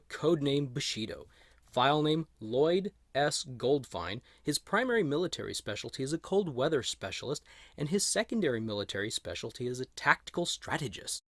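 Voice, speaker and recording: A man's voice: mid-range voice, no echo, clean studio sound. A man giving a chatty, easygoing toy unboxing and review, talking to the camera as he handles the figure. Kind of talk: casual unboxing commentary.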